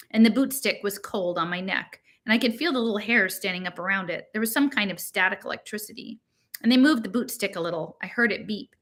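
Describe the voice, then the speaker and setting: Bright-voiced woman reading a novel aloud. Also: medium pitch, moderate pace. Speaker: reader.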